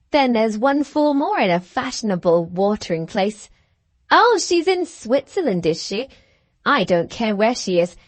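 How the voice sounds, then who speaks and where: A woman's voice: fairly high pitch, no room sound. Woman reading as a scornful, vain young schoolgirl. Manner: satirical, scornful and showy. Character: sharp-tongued vain young schoolgirl, hard and bitter. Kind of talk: audiobook character reading.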